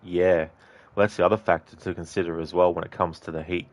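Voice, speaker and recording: A very deep male voice with little melody, talking loosely over a game he is playing. He rambles and circles back, with plenty of ums and likes. The tone stays level and unhurried. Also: level tone, muffled recording. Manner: rambling, many fillers. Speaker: game streamer. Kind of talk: casual commentary over gameplay.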